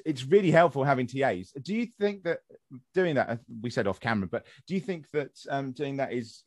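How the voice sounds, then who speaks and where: A young Englishman hosts a casual podcast chat in a mid-range voice, rambling with lots of fillers and restarts. The sound is clean studio audio with no echo.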